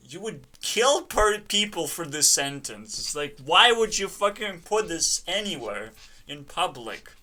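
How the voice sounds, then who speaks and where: A man with a fairly high, bright, forceful voice rants through a reaction video. He mocks what he hears, swears freely and breaks into laughter. His delivery is loose, loud and animated. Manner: ranting, mocking, laughs often. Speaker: channel host reacting to a video. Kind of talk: profane reaction commentary.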